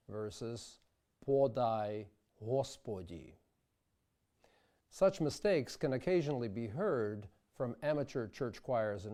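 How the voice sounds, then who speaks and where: A man giving a scripted lesson on singing diction, with a measured delivery that pauses to demonstrate the pronunciation of individual words. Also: medium pitch, warm tone. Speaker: diction instructor. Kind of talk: scripted instructional narration.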